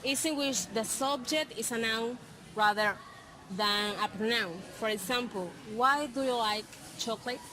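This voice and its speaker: A woman's voice: a little high, a little slow, pushed and bright, low-quality recording. Young woman explaining grammar to a class. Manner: careful and explanatory, reading example sentences aloud. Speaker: student presenter. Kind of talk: class presentation.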